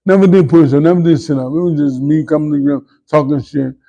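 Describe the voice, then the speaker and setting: A man's voice: fairly high pitch, fast talker, warm tone, highs cut off. A middle-aged man, a former boxer, telling candid stories in an interview, boastful and swearing freely. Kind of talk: storytelling interview.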